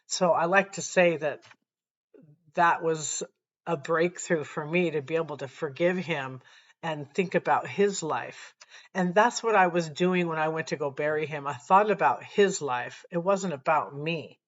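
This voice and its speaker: A woman sharing a personal faith testimony to camera, earnest and reflective, often pausing and restarting her sentences. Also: low voice, muffled recording.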